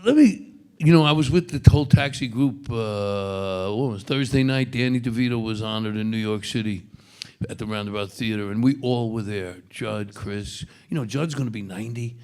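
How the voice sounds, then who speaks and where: A man's voice: on the low side, darkish tone. A man in his seventies with a Brooklyn accent, a guest actor at a convention panel, telling rambling stories with restarts. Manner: gravelly, halting, storytelling with restarts.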